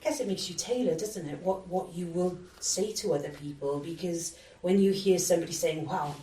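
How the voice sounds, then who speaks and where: A woman's voice: lowish voice, brisk, mellow. UK woman in her thirties on a podcast panel, reflective, distant roomy sound. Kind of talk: casual panel discussion.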